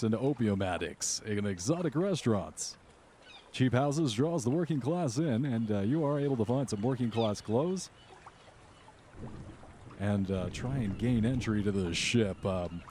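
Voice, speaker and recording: A young man narrating as game master, relaxed and halting, with many fillers. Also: fairly low pitch, a little hiss or hum.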